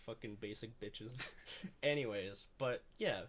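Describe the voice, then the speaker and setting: A man's voice: on the low side, measured pace, a bit bright, a little hiss or hum. A young man hosting a casual chat, rambling with lots of fillers and the odd curse. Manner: rambling, full of "like" fillers and swearing. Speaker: host.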